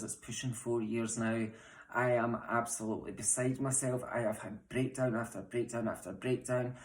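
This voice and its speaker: A woman's voice: rumbling low, darkish tone. Young Scottish trans woman, impassioned direct-to-camera plea, blunt, echoey home room. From Scotland. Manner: impassioned, frustrated, speaks bluntly with swearing. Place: home, room mid-move. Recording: roomy echo.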